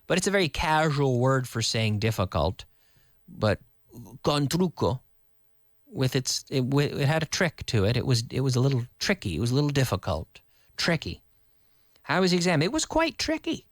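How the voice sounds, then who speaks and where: Guy teaching english online, super animated pitch, repeats example lines, dry close sound. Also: no room sound. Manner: explains slowly with repeated example sentences and Spanish glosses; reads out viewer comments and answers them. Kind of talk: live online English lesson.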